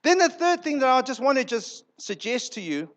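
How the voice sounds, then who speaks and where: A man's voice: very high voice, big pitch swings, normal speed, fairly bright tone. A male pastor preaching a sermon in a church, emphatic, repeating words for effect and acting out quoted lines.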